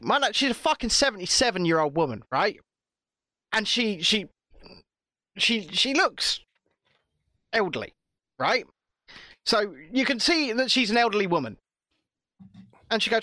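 A British man telling a story in casual, animated chat, swearing often. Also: high voice, moderate pace, pauses often, no echo, clean studio sound. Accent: British English.

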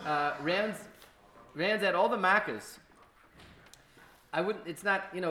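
A man's voice: a little high, a bit bright, slight background noise. A man teaching an informal Torah class at an indoor gathering, speaking in a conversational way full of fillers and restarts.

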